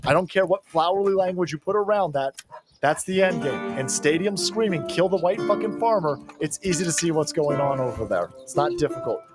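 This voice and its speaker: A man's voice: fairly high pitch, fairly quick. A man streaming a strategy game, ranting and swearing as he reads and answers chat, with game music playing behind him. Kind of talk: profane gaming stream commentary.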